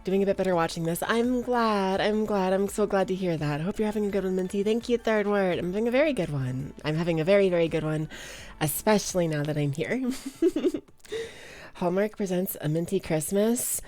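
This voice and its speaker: A woman's voice: mid-range voice, fast talker, a little mellow, faint music behind. A young woman with a slight Valley Girl accent, chatting casually with her live stream viewers, bubbly and giggly as she greets them by name.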